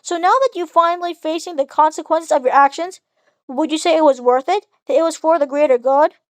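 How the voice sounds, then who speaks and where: Brief: woman voicing a gloating evil villain, high-pitched, dry close sound, slow taunting threats. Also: steady tone, dry recording, lightly acted. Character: menacing male villain who turns evil. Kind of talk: amateur fanfic reading.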